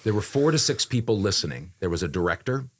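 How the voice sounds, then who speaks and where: Here the pitch is fairly low but moves widely, and he talks quickly. Chatting casually on a podcast, the voiceover artist describes a recent gig in a conversational way, with frequent fillers and repeated phrases.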